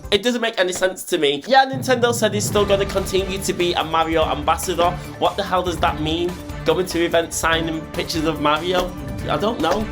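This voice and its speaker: Exasperated gaming news host. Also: male voice, high voice, a little fast, over music. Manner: animated, exasperated, repeats himself. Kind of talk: ranting video game news commentary.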